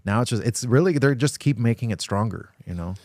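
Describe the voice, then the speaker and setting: Swearing, animated man in a dry room. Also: mid-range voice, a little fast, no room sound. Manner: animated storyteller, swears a lot, acts out quotes. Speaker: podcast host. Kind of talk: casual chat.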